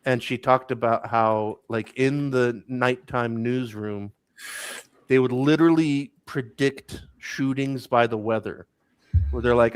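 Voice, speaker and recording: Dude co-hosting a podcast, dry close sound, rambles through stories, chuckles. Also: male voice, medium pitch, fairly even intonation, slow pace, smooth, no room sound. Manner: rambling storyteller, laughing as he goes. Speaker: podcast co-host. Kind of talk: casual chat.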